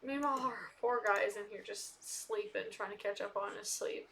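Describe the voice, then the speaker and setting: A young woman casually commenting on a life-sim game, chatting to the characters and getting loudly indignant at times. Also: mid-range voice, moderate pace, creaky. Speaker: gaming video creator.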